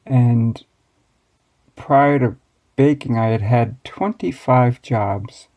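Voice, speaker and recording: An American man in his sixties, a master baker, telling stories from his past in a relaxed, wry way as an interview guest. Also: mid-range voice, takes it slowly, highs cut off. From United States. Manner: relaxed, reflective, wry storytelling. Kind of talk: storytelling interview answers.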